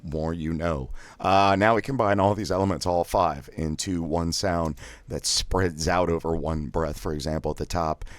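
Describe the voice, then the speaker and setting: A man leading a guided voice exercise drill in a relaxed, joking, self-deprecating coaching manner. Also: sits low, normal speed, no echo.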